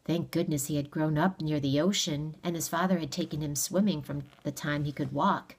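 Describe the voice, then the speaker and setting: Low-voiced woman reading a novel aloud. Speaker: audiobook reader. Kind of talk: read-aloud narration of a novel.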